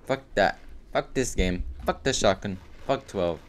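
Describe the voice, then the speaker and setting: A man giving live gameplay commentary for his video, excitable and full of profane trash talk. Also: on the low side, a little slow. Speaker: gaming video creator.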